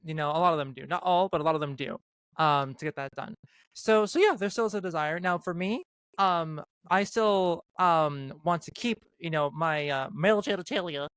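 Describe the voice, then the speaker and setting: A woman's voice: low-pitched, moderate pace, clean tone, dry recording. A trans woman co-hosting a podcast, chatting casually, swearing often and restarting her sentences a lot. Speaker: podcast co-host. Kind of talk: casual chat.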